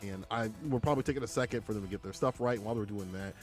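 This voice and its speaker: A man's voice: fairly low pitch, very fast, faint music behind. A man doing casual esports play-by-play from a small closet at home, slangy and laid-back, talking to his chat. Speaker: esports commentator.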